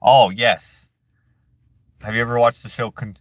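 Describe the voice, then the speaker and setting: Slow, bright-voiced joking man. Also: lowish voice, animated, no room sound. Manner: laid-back, joking, laughs at himself. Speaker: streamer host. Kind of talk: casual live chat, reading viewer comments.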